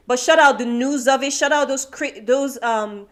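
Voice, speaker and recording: A woman's voice: high-pitched, moderate pace, fairly bright tone. A woman born in Nigeria co-hosting a podcast, talking earnestly and reflectively in a casual chat. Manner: earnest, self-reflective, many restarts. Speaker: podcast co-host.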